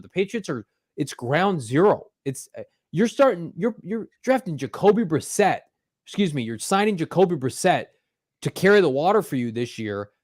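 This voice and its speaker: A man's voice: a little high, darkish tone, no echo, clean studio sound. Emphatic man hosting a sports podcast. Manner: emphatic, opinionated, punchy delivery. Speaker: podcast host. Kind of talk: casual sports podcast chat.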